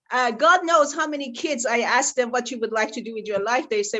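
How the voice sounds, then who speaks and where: A woman evangelist on a discussion panel, quoting scripture in a lively way with hesitant fillers. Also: fairly high pitch, fairly quick, hardly any pauses, dull audio. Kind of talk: panel comment.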